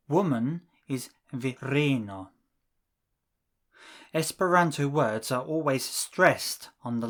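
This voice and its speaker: Male lesson narrator, slow, deliberate delivery, middle pitch. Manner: slow and deliberate, spelling out words for learners. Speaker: language course narrator. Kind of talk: scripted instructional narration.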